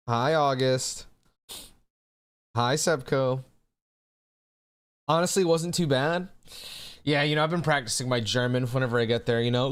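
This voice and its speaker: Man, streamer, casual live chat, laid-back, swears a lot, says bro, middle pitch. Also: animated, moderate pace, long pauses.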